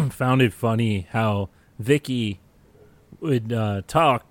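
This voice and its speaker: A man in his forties, talking in a chatty, easygoing way, laughing often as he remembers things. His voice sits at an ordinary middle pitch and sounds dry and close. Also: takes it slowly, no room sound. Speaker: podcast co-host. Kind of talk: casual chat.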